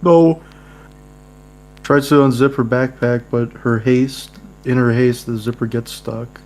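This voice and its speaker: A man's voice: medium pitch, unhurried. Laughing young man reading a game aloud. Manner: laughing, jokey, animated asides. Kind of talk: reading a dating-sim game aloud with friends. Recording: mains hum behind.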